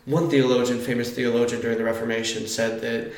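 Gravelly man telling stories in an echoey basement. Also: mid-range voice, fast talker. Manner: animated storyteller, acts out quotes loudly. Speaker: podcast co-host, youth pastor. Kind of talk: casual chat, storytelling. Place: church basement.

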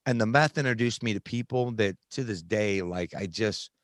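A man with a very deep voice tells a painful personal story in conversation. He speaks earnestly, stopping and restarting often. The recording is dry, with no room sound. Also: no echo. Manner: earnest, halting, many restarts and fillers. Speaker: guest sharing recovery story.

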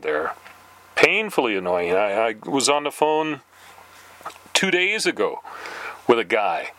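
A man telling funny stories in a chatty monologue, with lots of fillers, laughing now and then. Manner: animated, jumps higher when reenacting calls. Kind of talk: casual storytelling monologue.

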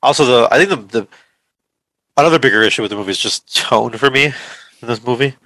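A man's voice: medium pitch, fast, sharp tone, no echo, low-quality recording. A man co-hosting a movie podcast, talking in a casual, hesitant way with lots of fillers and restarts. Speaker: podcast co-host. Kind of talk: casual movie review chat.

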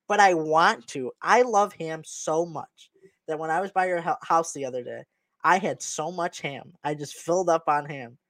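A man's voice: sits high, dry recording. Playful man chatting on a podcast. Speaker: podcast co-host. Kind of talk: casual chat.

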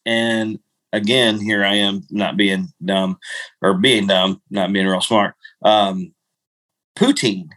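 A man's voice: on the low side, fairly even intonation, takes it slowly, a bit bright, low-quality recording. A middle-aged man hosting a podcast, rambling through casual stories and laughing at himself. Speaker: podcast host. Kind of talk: casual storytelling chat.

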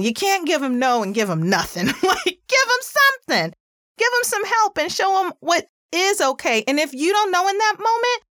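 A woman hosting a parenting talk, chatty and earnest, with a pitchy voice and plenty of "like" fillers. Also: a bit bright, dry recording, studio quality. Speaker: parenting podcast host. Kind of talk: casual advice talk.

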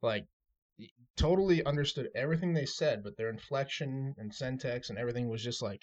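A young adult man telling rambling, lively travel stories in a casual chat with friends. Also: mid-range voice, brisk. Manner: rambling, animated anecdotes with laughs. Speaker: podcast co-host. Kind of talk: casual storytelling. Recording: dull lo-fi recording.

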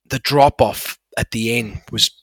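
A man's voice: mid-range voice, a little slow, a bit bright, no echo. A man, breaking down horse racing form with enthusiastic, emphatic analysis. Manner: enthusiastic, emphatic about figures.

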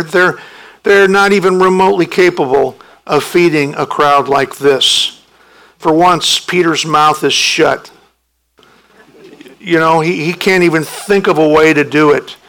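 A man preaching a sermon as pastor, emphatic and animated, his voice jumping up when he acts out the disciples' protests. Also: on the high side, rough recording.

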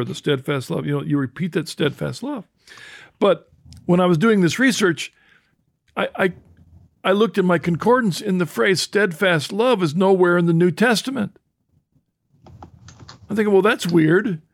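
An older man hosts a teaching talk with a slightly high, gravelly voice. He explains thoughtfully, restarts his phrases, and slows down for quotations. The sound is dry and close. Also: dry recording. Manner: thoughtful, explains with restarts and quotes scripture slowly. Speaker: host.

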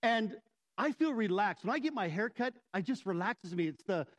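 A man's voice: high voice, expressive, normal speed, poor audio. A middle-aged man preaching a conversational sermon with humor and asides to the congregation. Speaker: pastor.

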